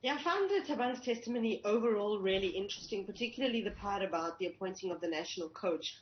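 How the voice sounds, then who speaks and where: A woman, a cricket journalist, giving thoughtful, measured news analysis over a remote link. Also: medium pitch, lively intonation, slight background noise. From South Africa. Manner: thoughtful, measured, with frequent restarts. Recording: roomy, slightly dull remote line.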